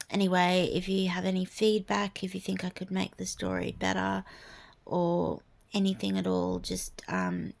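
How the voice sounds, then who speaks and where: A woman reading a fairy tale aloud, softly and half-whispered. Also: medium pitch, expressive, moderate pace, gravelly. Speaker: storyteller. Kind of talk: storybook reading.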